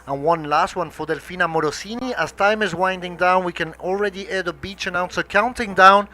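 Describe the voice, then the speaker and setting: A man doing live surf commentary, steady and explanatory, leading to a break. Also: high voice, a little fast, slight background noise.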